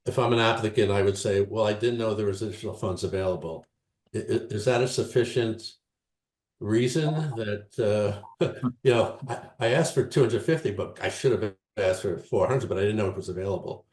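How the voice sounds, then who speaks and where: A man's voice: lowish voice, normal speed, a little mellow, reverberant. A man on a town committee, speaking hesitantly and thinking aloud in a meeting discussion. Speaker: committee member.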